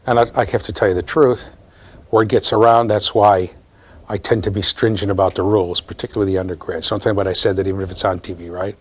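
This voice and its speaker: Running a live demo in front of a large university lecture hall, this middle-aged man speaks straight to his students in a lively, playful way. He talks fast in a low voice that carries a breathy edge.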